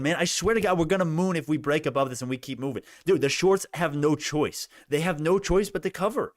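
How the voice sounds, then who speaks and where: A young man giving animated live commentary on stock prices, laughing and repeating himself, his voice worn out. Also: on the high side, fairly quick, hardly any pauses, no echo, studio quality. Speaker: stock market streamer. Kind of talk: excited live market commentary.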